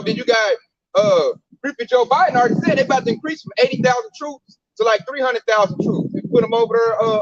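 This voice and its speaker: A man's voice: very high-pitched, fairly bright tone, no room sound, dull audio. A man teaching scripture in a casual street-preaching style, blunt and emphatic with lots of slang. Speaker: Bible teacher.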